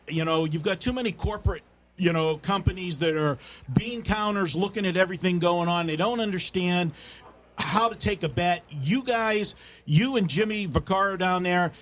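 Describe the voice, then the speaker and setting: High-voiced enthusiastic male podcast host. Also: a bit bright. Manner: enthusiastic, effusive. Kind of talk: hosting a sports betting podcast.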